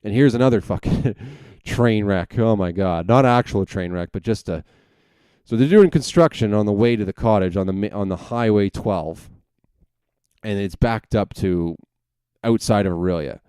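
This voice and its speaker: A man's voice: fairly low pitch, moderate pace, warm tone, clean tone, no room sound. A young man hosting a podcast, telling a rambling, profane story full of self-corrections in a casual monologue. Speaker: podcast host.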